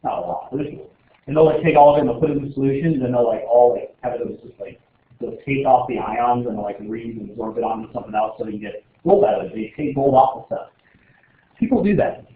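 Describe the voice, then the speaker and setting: A man's voice: mid-range voice, lively intonation, quick pace, slight background noise. A man teaching a chemistry class in a casual, joking way, rambling with lots of filler words. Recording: echoey room over a tinny, phone-like line.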